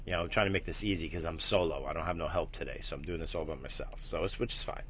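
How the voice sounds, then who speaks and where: A man hosting a casual morning vlog, rambling and swearing, jumping between loud bursts and low mutters. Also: very fast, slight background noise. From United States. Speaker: morning stream host.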